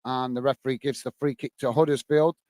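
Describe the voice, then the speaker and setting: A man from England hosts a live football watchalong in a casual, chatty way, commentating the play and addressing viewers as mate and guys. Medium-pitched and brisk, he has a darkish tone and fairly even intonation, recorded dry.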